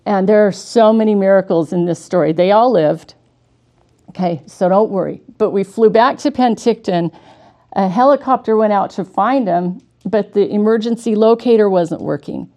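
Brief: middle-aged woman, devotional talk, earnest storyteller, warm mellow tone. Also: mid-range voice, normal speed. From Washington state, USA. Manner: earnest and conversational, with small restarts. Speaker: speaker giving a devotional talk.

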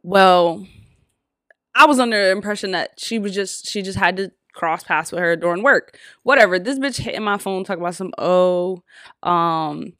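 A woman co-hosting a podcast, telling a story in a casual, animated and profane way, with acted-out quotes. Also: medium pitch, fairly quick, no room sound, studio quality. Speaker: podcast co-host.

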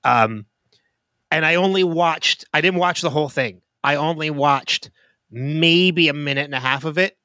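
Bright-voiced man chatting on a podcast. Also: a little high, dry recording. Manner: openly emotional, talks in quick restarts. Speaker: podcast co-host. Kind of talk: casual TV show discussion.

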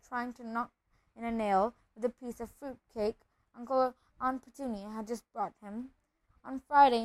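A woman with a fairly high voice reads a children's novel aloud at a steady pace. She sometimes stumbles and restarts a phrase. The recording is dry and close, with no room sound. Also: no room sound, low-quality recording. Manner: steady reading with occasional slips and restarts. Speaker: reader.

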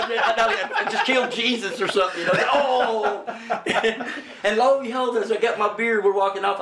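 A man's voice: a little high, a bit bright. Laughing, profane man in a roomy space. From Oklahoma. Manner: profane, laughing through his own anecdotes. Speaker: guest musician. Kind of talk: casual storytelling. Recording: roomy echo with faint noise.

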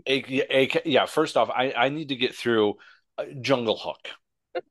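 A man rants on a casual podcast, sarcastic and heavy with profanity. His voice sits at a middle pitch. The sound is dry and close, with no room around it. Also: unhurried, fairly bright tone, no echo. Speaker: podcast co-host. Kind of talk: casual wrestling podcast chat.

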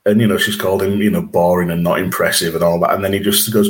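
A man with a Yorkshire accent talks in a low, easy register. He co-hosts a casual podcast, chatty, and he swears freely. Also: little pitch movement, quick pace. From England. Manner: chatty, swears, laughs between points. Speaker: podcast co-host.

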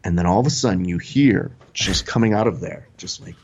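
With a deep voice and vocal fry, a young podcast host talks fairly quickly as he relates a story in casual conversation. He performs the quoted voices with animation, over dull audio and a noisy background.

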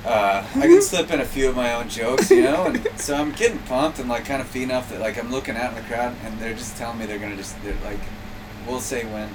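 A man's voice: mid-range voice, animated, a little fast. A young adult man, a comedian, telling a funny story in casual chat, often breaking into laughter. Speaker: comedian guest. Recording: distant mic with clear noise.

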